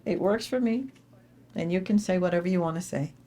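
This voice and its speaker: A woman giving an inspirational speech at an awards dinner, telling stories with sudden jumps in pitch and repeating phrases for emphasis. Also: brisk, dark tone. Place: dinner event hall.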